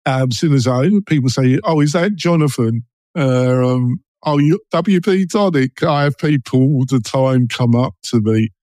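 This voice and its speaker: A man's voice: mid-range voice, warm tone, no room sound. A man with an East London and Essex English accent hosting a casual podcast interview, chatty and full of ums and self-interruptions. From England. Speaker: podcast host.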